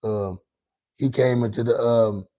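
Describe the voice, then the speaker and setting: With a mellow, medium-pitched voice, fairly even intonation and a measured pace, a middle-aged man hosts his podcast livestream. He responds to chat casually and profanely, rambling and singsong-taunting one of the chatters.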